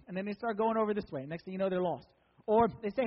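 A man's voice: high-pitched, racing, in a large hall, dull audio. A man preaching as a pastor, conversational and joking with emphatic lines. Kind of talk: sermon.

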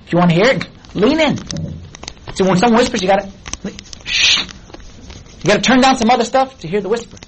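A man's voice: sits high, fairly quick, pauses often, a bit bright, a little hiss or hum, rough recording. A middle-aged man preaching a sermon as a pastor, talking in a conversational way and asking many questions of his listeners.

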